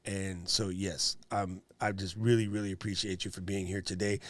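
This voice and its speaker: A man's voice: sits low, little pitch movement, normal speed, no echo. A man hosting a livestream in a casual, joking way. He laughs often as he thanks his guest and talks to viewers. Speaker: livestream host.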